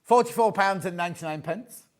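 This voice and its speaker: A man's voice: sits high, brisk. A British man presenting on a live shopping channel, chatty and jokey, repeating prices as he shows products. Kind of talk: live TV sales pitch. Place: TV studio.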